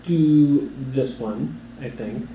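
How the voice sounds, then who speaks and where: A man's voice: mid-range voice, very slow, muffled recording, a little hiss or hum. A man guesting on a livestream, reading out script cues hesitantly, with many ums. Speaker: guest voice actor. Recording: echoey room with faint ambience.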